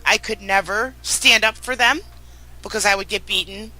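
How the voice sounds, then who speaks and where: A woman's voice: mid-range voice, moderate pace, pushed and bright, slight background noise, poor audio. A middle-aged woman speaking as a guest, telling her personal story in an earnest, emotional way with frequent restarts.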